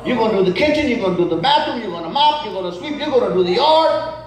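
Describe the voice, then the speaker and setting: A man's voice: high voice, animated, fast talker, pitched above the performer's own voice. A man quoting a stern mother handing out chores in a sermon story. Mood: bossy. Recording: very echoey hall, distant mic.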